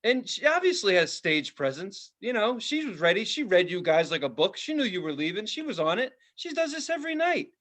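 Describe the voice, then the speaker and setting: High bright guy riffing on a podcast, voice jumps all over, doing bits. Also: a little fast, hardly any pauses. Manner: animated riffing, acts out voices. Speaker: podcast co-host. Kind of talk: casual comedic chat.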